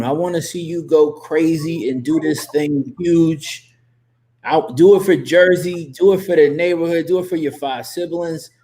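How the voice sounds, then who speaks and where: A man hosting a live interview as a coach, talking emphatically and repeating himself as he gives shout-outs and pep talk. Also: a little high. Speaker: host and coach. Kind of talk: motivational livestream talk.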